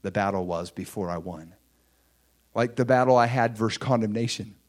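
Speaking at normal speed in a lowish voice, a man delivers a sermon built around his own testimony. He tells it animatedly, sometimes lowering to a hushed aside, sometimes climbing to an excited shout.

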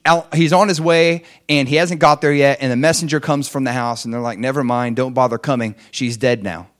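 Man, pastor, sermon, chatty, questions to the congregation, acts out voices. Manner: conversational, tells stories and asks the congregation questions; acts out quoted people with big swings in pitch and loudness.

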